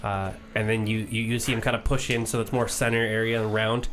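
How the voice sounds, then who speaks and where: A man narrating as game master, relaxed and loose with lots of fillers. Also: on the low side, a little fast. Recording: faint background music.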